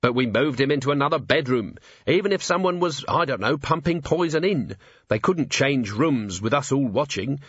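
A man's voice: medium pitch, animated, normal speed, fairly bright tone, slightly rough, dry recording, dull audio, pitched above the performer's own voice. A man voicing a grim, angry male watch commander in an audiobook, talking in clipped, barely controlled bursts. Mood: frustrated.

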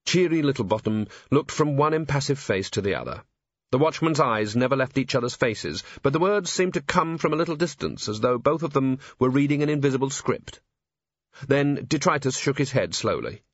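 A man's voice: medium pitch, expressive, normal speed, dry recording, dull audio. Man narrating an audiobook, dry sound. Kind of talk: scripted narration.

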